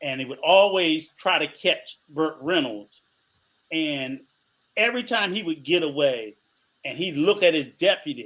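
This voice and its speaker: Animated bright-voiced older man telling stories. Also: on the high side, unhurried. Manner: animated storytelling, laughs often, acts out voices. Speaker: podcast co-host. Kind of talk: casual podcast chat.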